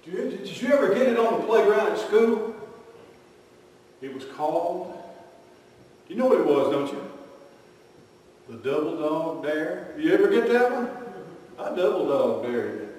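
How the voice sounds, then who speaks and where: A male preacher delivers an animated sermon, acting out the voices in his stories. His fairly high voice rings through a large hall with a long, echoing tail. He sounds some distance from the mic. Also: measured pace, long pauses. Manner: animated storytelling with acted-out voices. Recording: echoey hall from far off.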